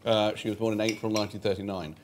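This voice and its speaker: A man's voice: fairly low pitch, flat delivery, very fast, background noise. A middle-aged man with an English accent, a guest chatting wryly and joking over dinner. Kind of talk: casual dinner conversation.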